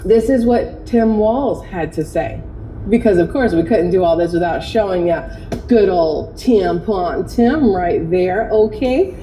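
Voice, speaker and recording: A woman hosts an opinion vlog with a mellow, dark-toned voice. She rambles in a chatty way and gets sarcastic and indignant, with faint noise behind her. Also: on the low side, lively intonation, measured pace, poor audio. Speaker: commentary host.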